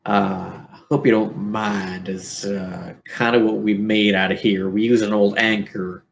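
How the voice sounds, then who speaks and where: An offhand, gruff male weapon-smith, played by a man. He speaks in a low, unhurried voice with halting pauses. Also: flat delivery, slight background noise.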